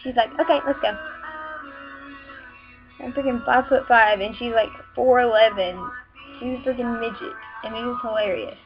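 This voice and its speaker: A teenage girl with a Southern accent, rambling casually to a webcam with lots of fillers and quick irritated asides. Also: a little high, steady tone. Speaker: vlogger. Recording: muffled webcam audio with music behind.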